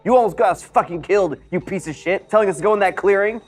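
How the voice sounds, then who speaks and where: A man's voice: high voice, soft background music, voice pushed up. A man voicing a hot-headed, foul-mouthed male biker tough in a tabletop game. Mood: furious. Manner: angry, fast, profane.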